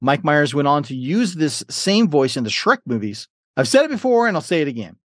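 A man's voice: fairly high pitch, sing-song, brisk, fairly bright tone, no echo, clean studio sound. A man hosting a trivia game podcast, reading questions and fun facts with playful, jokey asides. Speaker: podcast host and quizmaster.

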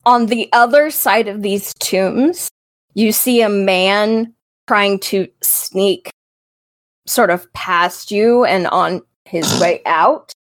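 Slow, hesitant woman game master. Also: mid-range voice. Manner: hesitant, many fillers. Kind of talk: narrating a tabletop game.

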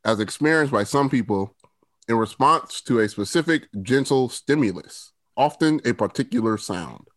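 A man's voice: medium pitch, animated, moderate pace. Matter-of-fact male sound editor. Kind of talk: casual chat.

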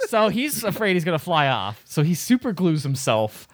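A man co-hosting a podcast, casually retelling a movie's plot and acting out characters' lines in quick voices. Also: a little high, no echo. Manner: animated storyteller, acts out lines in quick voices. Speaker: podcast co-host. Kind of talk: casual movie recap chat.

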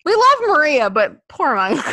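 A woman co-hosting a casual podcast, laughing often and acting out quotes in an animated way. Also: high voice, a little slow, dry recording. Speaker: podcast co-host. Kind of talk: casual wrestling podcast chat.

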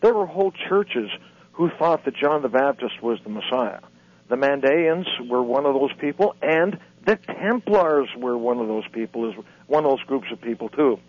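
A man's voice: medium pitch, expressive. A man, an author and lecturer, speaking as a guest on a radio interview in an earnest, lecturing way. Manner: earnest, lecturing, halting restarts. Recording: muffled radio broadcast.

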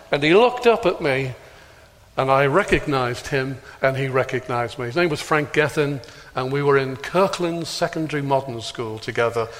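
A middle-aged man telling a humorous story at a conference, acting out the dialogue in a lively anecdotal way. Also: fairly high pitch. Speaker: speaker at a prayer conference. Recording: long reverb of a large hall.

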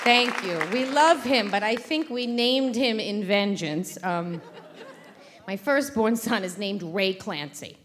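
A woman's voice: medium pitch, slow pace, a crowd in the background. A woman host telling a brash, profane comic story on a theater stage before a live audience.

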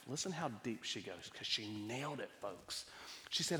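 A male pastor of medium pitch gives a very animated sermon at normal speed, his sharp tone trailing off into long church-hall reverb. He shares personal anecdotes in a conversational manner, frequently starting sentences over.

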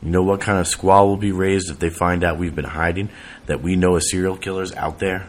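A man's voice: low voice, fairly even intonation, fairly quick, slight background noise, natural voice. A man voicing a pompous, self-important small-town mayor.

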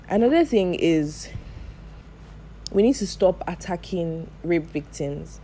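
A young woman with a Nigerian accent talks straight to her audience in a casual vlog, stressing her points by repeating them. Her voice sits a little low and has a mellow, soft tone. A faint hum of room noise stays under her speech. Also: rough recording. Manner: animated, emphatic, repeats for stress. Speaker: vlogger. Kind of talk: casual storytelling to camera.

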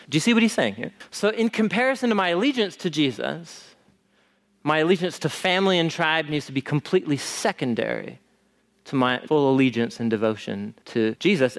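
A male pastor with a voice pitched somewhat high for a man delivers a conversational sermon. He talks in an animated way, often turning to his listeners with rhetorical questions.

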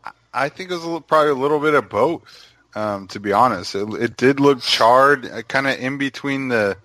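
A man with a mid-range voice reasons out loud, hedging his points with plenty of fillers as he goes. The recording is dry and close. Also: mid-range voice, fairly quick, dry recording. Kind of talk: casual chat about a TV trailer.

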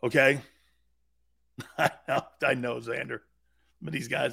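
A man hosting a sports talk radio show, telling stories with emphatic repetition and growing excitement. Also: medium pitch, unhurried, gravelly, pauses often, husky, dry recording, clean studio sound.

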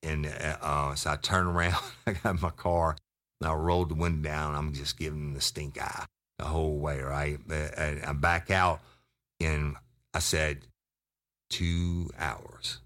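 A man's voice: extremely low pitch, flat delivery, moderate pace, fairly bright tone. A middle-aged man, a former detective, telling a profane, rambling story with many restarts. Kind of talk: casual storytelling.

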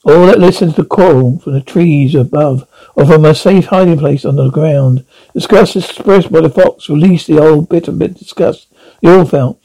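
Gravelly man reading a storybook. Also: on the high side, dark tone, poor audio. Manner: halting with frequent slips and restarts. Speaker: audiobook reader. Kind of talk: storybook narration.

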